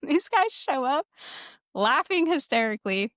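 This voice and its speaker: A woman podcast host telling a casual story with lots of swearing, lively and laughing as she goes. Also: mid-range voice, moderate pace, no echo, clean studio sound. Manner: profane, lively, laughs while telling stories. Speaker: former military security forces sergeant.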